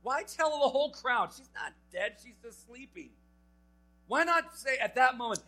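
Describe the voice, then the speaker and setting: Bright-voiced young man preaching animatedly. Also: extremely high pitch, normal speed, soft background music, rough recording. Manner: animated storytelling, acting out quotes. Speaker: camp speaker. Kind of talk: youth camp sermon. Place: camp meeting hall.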